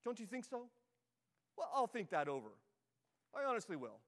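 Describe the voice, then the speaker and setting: Evasive, flustered male ghost, voiced by a man reading aloud, high voice, hall reverb. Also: very animated, moderate pace, fairly bright tone, exaggerated voice. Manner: hedging, evasive, politely flustered. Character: dithering, excuse-making male ghost from hell.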